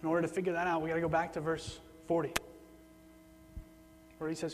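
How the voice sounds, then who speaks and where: Male preacher, somewhat high voice, casual sermon delivery, long reverb with faint hum. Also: completely flat delivery, quick pace, pauses often. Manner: conversational, repeats words for emphasis.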